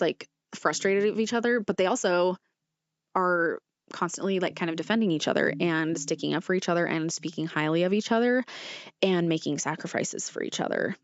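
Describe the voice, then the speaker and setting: A young woman hosts a casual podcast, earnest and rambling, full of fillers and quick self-corrections. Her voice sits low for a woman, and the sound is dry and dull, like a lo-fi home setup. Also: no echo. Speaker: podcast host.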